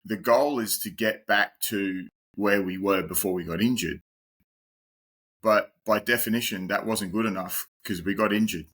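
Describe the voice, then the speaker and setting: Australian man with a bright voice. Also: on the low side, normal speed, slightly rough. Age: 40s. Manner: relaxed, laughs easily, explains in plain terms. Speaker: guest, pain-reduction specialist. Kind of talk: casual podcast conversation.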